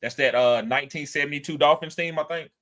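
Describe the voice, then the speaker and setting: A man hosting a casual sports talk show, animated, acting out quotes in a higher voice and reading chat comments aloud. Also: fast talker. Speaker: podcast host.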